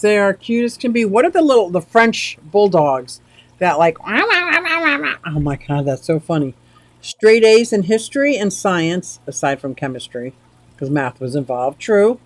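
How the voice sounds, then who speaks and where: A woman's voice: lowish voice, no echo. Chatty woman hosting a home livestream. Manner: chatty and rambling, exclaims often. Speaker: livestream host. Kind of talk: casual livestream chat reading the chat aloud.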